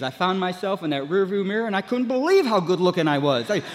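A man's voice: sits high, big pitch swings, fast talker, few pauses, slight background noise. Older man telling a rambling story. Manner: rambling storyteller, frequent "man, you know". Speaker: speaker sharing recovery story. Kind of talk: humorous recovery talk. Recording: long hall reverb.

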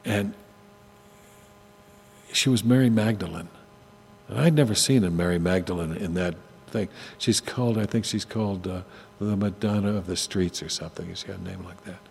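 An older man telling personal stories to an audience in a conversational way, often halting and restarting his sentences. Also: deep voice, gravelly, darkish tone. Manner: halting, with frequent restarts and asides. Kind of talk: conversational storytelling talk. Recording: long hall reverb, faint hum.

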